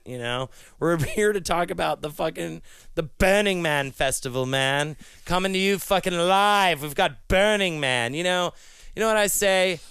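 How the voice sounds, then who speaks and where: High-ish gravelly dude ranting and cursing nonstop, dry close sound. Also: male voice, no echo. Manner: rambling, profane, erupting into yelling. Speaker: comedic monologue host. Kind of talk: absurd crude rant.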